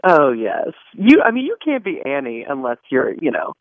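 A man's voice: mid-range voice, huge pitch swings, normal speed, no room sound, phone-quality sound. A man, a stage actor, chatting as a guest in an interview, joking and laughing with many restarts. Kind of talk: casual interview chat.

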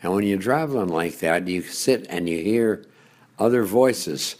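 An older man, a longtime radio host, telling stories in an interview, rambling with chuckles and pauses. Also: deep voice, a little mellow. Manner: rambling storyteller with frequent uh's and chuckles. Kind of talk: reminiscing interview.

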